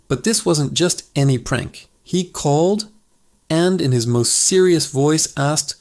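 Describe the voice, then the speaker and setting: A man's voice: a little high, slow pace, a little mellow. A man hosting his channel, telling funny stories in an upbeat, conversational narration. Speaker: channel host. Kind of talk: scripted storytelling narration.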